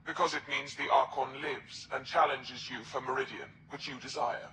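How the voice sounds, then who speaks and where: An actor playing a scheming alien traitor who speaks in a solemn, measured way. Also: male voice, medium pitch, steady tone, slight background noise. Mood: cold solemn. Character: scheming alien Kett traitor, cold and formal. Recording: echoey game audio over loud music.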